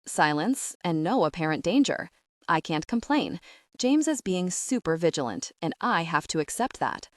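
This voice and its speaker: A woman's voice: on the low side, very animated, normal speed, no echo, studio quality. A woman narrating a first-person romance audiobook, reading both sides of the dialogue with light shifts.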